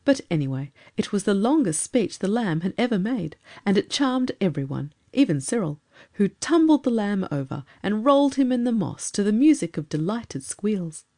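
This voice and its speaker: A woman reading a storybook aloud as narrator, measured and expressive. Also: medium pitch. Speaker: audiobook narrator.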